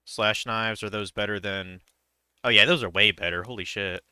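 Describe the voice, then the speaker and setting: A young man talks casually while he plays a game, rambling and stopping often. His voice is very bright and crisp. It sounds close and dry. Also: lowish voice, fairly even intonation, moderate pace, dry recording. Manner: rambling and hesitant, many fillers. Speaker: streamer. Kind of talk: casual chat while gaming.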